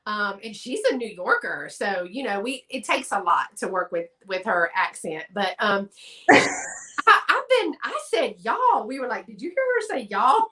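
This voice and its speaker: A woman's voice: mid-range voice, very animated, measured pace, bright, forceful tone. A woman from Texas with a Southern accent, chatting casually in a live stream and laughing often. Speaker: guest collector.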